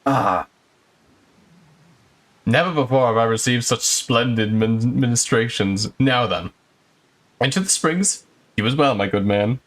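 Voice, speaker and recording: A man doing a pompous old gentleman inspector. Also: mid-range voice, lightly acted. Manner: grandiose, theatrical, slow and savoring. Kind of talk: reading game dialogue aloud in character.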